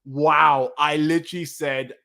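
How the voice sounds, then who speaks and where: A man streaming a casual manga reaction, rambling excitedly and correcting himself as he goes. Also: a little high, measured pace, gravelly. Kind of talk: casual live-stream talk.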